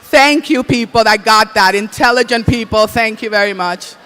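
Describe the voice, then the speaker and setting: Guy hosting a comedy night, super high bright voice, flamboyant. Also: moderate pace, smooth, soft background music. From Dominican Republic. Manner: flamboyant, exclaims in Spanish. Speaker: comedy awards host. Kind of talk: stand-up hosting. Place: comedy stage before a live audience.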